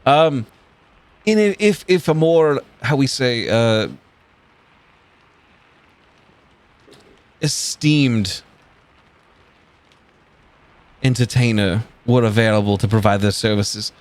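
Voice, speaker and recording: A man voicing a formal, reserved male servant and driver who speaks politely and haltingly. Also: mid-range voice, natural voice. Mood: confiding.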